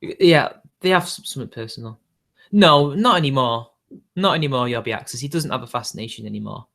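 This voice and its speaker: A man's voice: medium pitch, lively intonation, fast talker, creaky, fairly bright tone. A man hosting a casual livestream, talking off the cuff in a rambling, hedging way with frequent chuckles. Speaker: livestream host.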